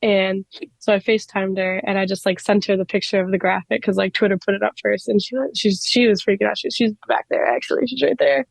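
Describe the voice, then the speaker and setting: A young woman in her twenties, a wrestler telling stories in a casual interview, excitable and giggly with lots of fillers. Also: medium pitch, fast talker, vocal fry, no room sound, rough recording. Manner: excitable, giggly, many likes. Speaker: wrestler, guest.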